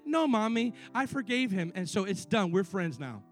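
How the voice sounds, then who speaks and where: Soft music plays behind a middle-aged pastor who preaches at a moderate pace in a high-pitched, very animated voice. He narrates stories, and his fervor keeps rising into repeated pleas.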